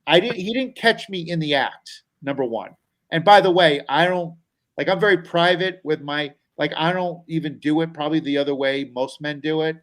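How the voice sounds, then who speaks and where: Animated man telling a story. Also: fairly high pitch, normal speed, low-quality recording. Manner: animated storyteller, acts out quoted voices. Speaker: comedian guest. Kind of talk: storytelling on a talk show.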